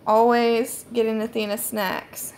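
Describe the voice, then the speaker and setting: A fairly high-voiced young woman chats through a casual live stream from her phone at home. She rambles easily and leans on "like" as a filler. A faint hiss sits under her voice. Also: level tone, unhurried. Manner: chatty and rambling, many "like" fillers.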